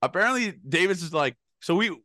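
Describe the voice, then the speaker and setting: A man's voice: high-pitched, lively intonation, sharp tone, no room sound, clean studio sound. A young man telling a rambling, laughing story on a casual podcast. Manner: rapid rambling anecdotes, laughing, swearing. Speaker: podcast co-host.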